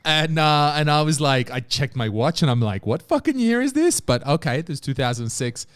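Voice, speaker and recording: A middle-aged Australian man hosting a podcast, telling casual stories with lively asides. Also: mid-range voice, moderate pace, smooth. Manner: animated anecdotal storytelling. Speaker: podcast host. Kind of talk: casual chat.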